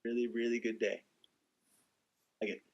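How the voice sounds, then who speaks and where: A young American man telling stories on a phone livestream in a loose, profane, animated way. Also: medium pitch, moderate pace, dull audio. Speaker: musician livestreaming to fans. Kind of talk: casual storytelling livestream.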